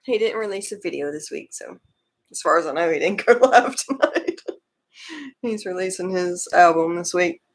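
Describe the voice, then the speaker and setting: A woman's voice: fairly low pitch, lively intonation, moderate pace. A woman, laughing and playfully wrapping up a live stream as co-host. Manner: laughs a lot, playful, gravelly. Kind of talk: casual chat signing off a live stream.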